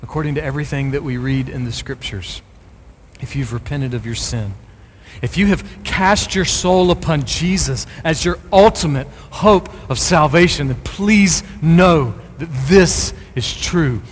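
A middle-aged man preaching a sermon as a pastor, speaking with rising, forceful emphasis on key phrases. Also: fairly high pitch, a little slow, big-room sound, a little hiss or hum.

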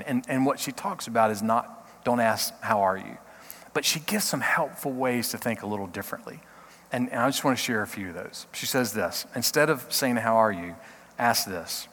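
A middle-aged man, a pastor, giving a short devotional talk in an earnest, halting way, often repeating words. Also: mid-range voice, fairly bright tone, in a large hall.

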